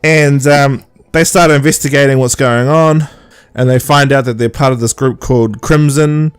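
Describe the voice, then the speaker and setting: A man's voice: mid-range voice, fairly even intonation, moderate pace, smooth, no room sound. A man co-hosting a podcast, recapping an episode in casual chat and mocking the characters in silly voices. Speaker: podcast co-host.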